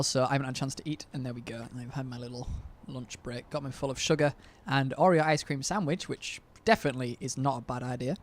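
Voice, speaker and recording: A man casting a live online game match, chatty and self-deprecating, rambling between play calls. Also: mid-range voice. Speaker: stream caster.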